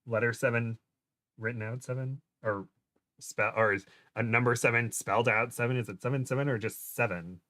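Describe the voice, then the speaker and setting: An American-accented man guest co-hosts a livestream, chatting casually, laughing often, and trailing off mid-sentence. His medium-pitched voice is pushed and bright with fairly even intonation at normal speed, captured in clean studio sound with no room sound.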